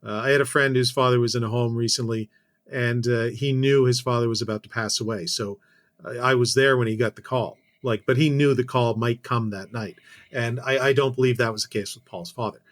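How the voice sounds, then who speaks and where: A man's voice: medium pitch, steady tone, a little fast. A Canadian man, a podcast guest, telling a casual story full of self-corrections and dry asides.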